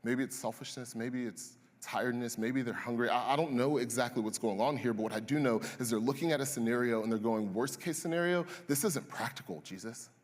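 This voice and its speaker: A man's voice: mid-range voice, fairly even intonation, a little fast, few pauses. A male pastor preaching a sermon in a conversational way, asking the congregation questions and waiting for their answers. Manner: conversational, asks the congregation questions and waits for replies. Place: church auditorium. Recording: long reverb of a large hall.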